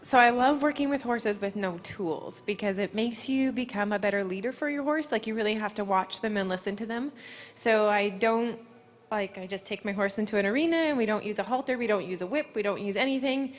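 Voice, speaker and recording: A woman's voice: medium pitch, brisk. A young woman horse trainer being interviewed after a win, bubbly, earnest and close to tears. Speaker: award-winning horse trainer. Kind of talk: on-the-spot interview. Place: large covered horse arena. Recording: long echo of a large covered arena.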